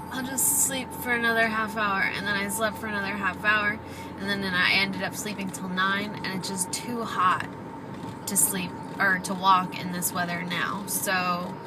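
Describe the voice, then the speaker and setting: Chatty young woman vlogging from a car. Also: mid-range voice. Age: young adult. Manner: chatty, baby-talks to her dog. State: stuffy nose. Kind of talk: casual vlog chat. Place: in a car while driving. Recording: car noise in the background.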